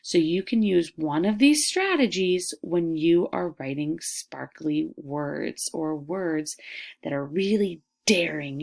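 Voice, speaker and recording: A woman teaching a lesson to young children, stretching words out slowly and sounding them out in an encouraging classroom voice. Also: on the low side, creaky. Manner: slow, drawn-out syllables, modeling sounds out loud.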